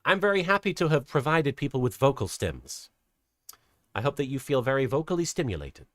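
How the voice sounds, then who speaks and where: A man's voice: medium pitch, big pitch swings, fairly quick, fairly bright tone, no room sound, studio quality. A man casually commenting on a livestream, chatty and rambling, laughing often and poking fun at himself at a desk microphone. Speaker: streamer and host.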